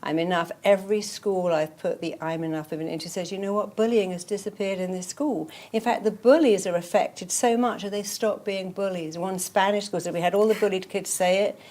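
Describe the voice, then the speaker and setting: In a motivational interview, a woman therapist tells stories and repeats affirmations, emphatic and repetitive. She has a warm, mid-range voice and talks a little fast with few pauses.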